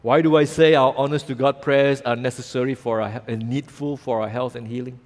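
A man's voice: mid-range voice, fairly even intonation, brisk. A man preaching a sermon, telling the story animatedly with casual fillers and acting out voices. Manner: casual local fillers like "lah" and "ah". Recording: reverberant hall.

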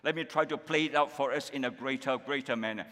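Malaysian pastor preaching in a reverberant hall. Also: male voice, medium pitch, fast talker, a bit bright. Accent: Malaysian English. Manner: rhetorical questions to the congregation, repeating phrases. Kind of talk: sermon. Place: church hall.

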